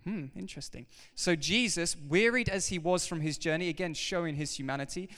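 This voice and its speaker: Youngish guy preaching, fired up and emphatic, smooth ringing voice, big echoey church hall. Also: fairly high pitch, a little fast. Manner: animated, emphatic, talks directly to the congregation. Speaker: pastor. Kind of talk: sermon. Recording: reverberant hall.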